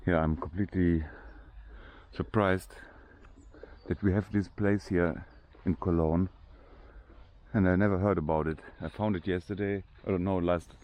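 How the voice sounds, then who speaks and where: Deep flat-voiced German man vlogging. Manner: halting, searching for English words, many restarts. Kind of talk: casual walking tour narration. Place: outdoor cemetery.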